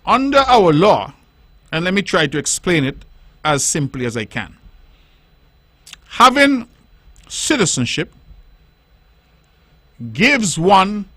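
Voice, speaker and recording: Middle-aged man, high bright voice, dry studio sound, firm speaker who explains and repeats for stress. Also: animated, dry recording. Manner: emphatic, deliberate, explains point by point and repeats for stress. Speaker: politician hosting a radio call-in show. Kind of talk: radio talk monologue. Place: radio studio.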